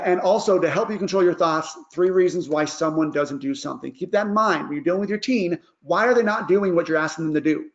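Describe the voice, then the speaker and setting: A man's voice: a little high, vocal fry, muffled recording. A man who works as a life coach gives a casual parenting advice lesson and keeps checking in with "all right?".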